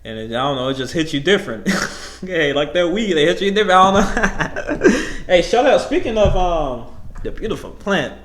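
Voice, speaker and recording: A man's voice: fairly high pitch, lively intonation, a little fast, echoey room. A nineteen-year-old man hosting a podcast solo, telling a story in loose, rambling, profane talk that often breaks into laughs. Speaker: podcast host.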